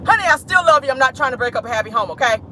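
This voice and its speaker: Woman, sassy and dramatic, very lively pitch, phone mic in a car, street noise behind. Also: racing, poor audio. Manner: animated, sassy, dramatic, talks straight to viewers. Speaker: vlog host. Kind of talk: casual live-stream chat. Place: parked car.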